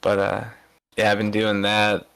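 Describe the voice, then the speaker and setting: A man's voice: on the low side, monotone, measured pace, vocal fry, a bit bright, smooth, poor audio. A man co-hosting a podcast, telling casual stories with lots of restarts and fillers. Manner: rambling anecdotal storytelling with many restarts. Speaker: podcast co-host. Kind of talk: casual chat.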